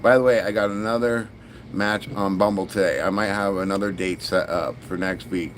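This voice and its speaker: A man's voice: low-pitched, fairly even intonation, moderate pace, a little hiss or hum. A man chatting bluntly and profanely while streaming a Lego build. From Canada. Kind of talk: casual live-stream chat.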